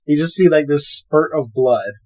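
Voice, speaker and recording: A man with a slightly husky, breathy voice that sits a little high for a man. He recaps a film for a podcast in a loose, animated way, slipping into the characters' lines and swearing freely. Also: normal speed. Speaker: podcast co-host. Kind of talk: casual chat recapping a film.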